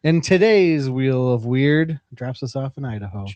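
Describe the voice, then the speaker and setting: A man's voice: mid-range voice, expressive, measured pace, darkish tone, dry recording, lo-fi sound. Upbeat man plugging his podcast, dry mic. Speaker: podcast co-host. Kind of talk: casual podcast chat and segment reading.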